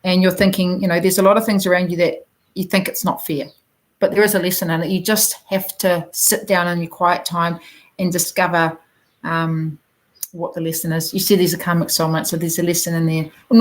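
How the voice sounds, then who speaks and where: A woman with a New Zealand accent giving a gentle, encouraging oracle card reading to viewers, talking directly to them with plenty of ums. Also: fairly low pitch, fairly even intonation, fairly quick, rough recording.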